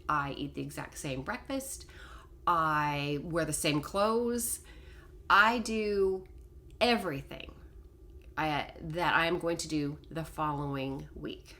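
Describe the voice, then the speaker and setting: A middle-aged woman telling a personal story to camera in a casual, animated, self-deprecating way. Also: low-pitched, slight background noise. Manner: animated, self-deprecating, quotes others in dialogue. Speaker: vlogger telling a life story.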